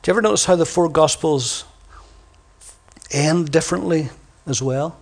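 A man with a fairly high voice preaches a sermon in a church. He is emphatic and drags out the words he wants to land, and he drops soft and quiet when he reads scripture aloud. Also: gravelly. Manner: emphatic, slows down to stress key words.

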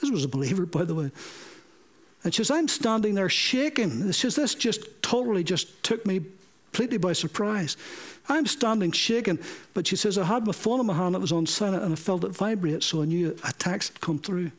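A man's voice: high voice, fairly quick. A middle-aged man, preaching a sermon through stories and acting out the dialogue he quotes. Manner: animated, acts out quoted dialogue. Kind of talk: sermon storytelling.

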